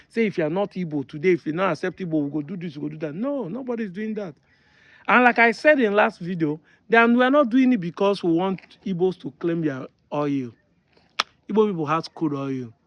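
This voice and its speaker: Nigerian male commentator with a high voice, forceful and repetitive, dry and slightly muffled recording. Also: no room sound. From Delta State, Nigeria. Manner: emphatic, insistent, repeats points. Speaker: online commentator. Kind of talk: opinion monologue to camera.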